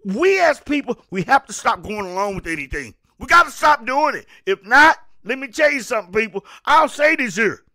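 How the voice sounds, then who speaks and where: A man ranting on his own show, voice pitched unusually high and bright. He preaches hard, stumbles over repeated words and breaks into shouts. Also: sing-song, fairly quick, few pauses. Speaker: show host. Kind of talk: political rant monologue.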